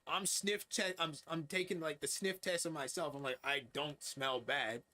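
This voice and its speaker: Young guy streaming a game and just talking, swears a lot, says like constantly, pretty bright sharp tone. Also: a little high, steady tone, normal speed. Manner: candid, profane, rambling with many fillers. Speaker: gaming streamer. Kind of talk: casual chat while livestreaming.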